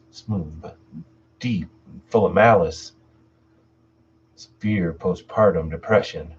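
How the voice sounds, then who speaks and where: A man's voice: low-pitched, darkish tone, slight background noise. A man hosting a live stream, reading horror stories aloud and chatting casually with viewers between them. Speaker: channel host and story narrator. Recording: distant mic, dull lo-fi sound.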